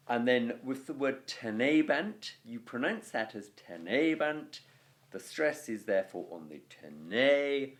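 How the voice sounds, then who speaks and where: A man gives a casual video lesson on Latin verse. His voice rides up and down with animated, lively intonation. He keeps it conversational, peppered with "okay" and "you know". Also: fairly low pitch. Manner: chatty explaining with frequent "okay" and "you know". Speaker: Latin teacher.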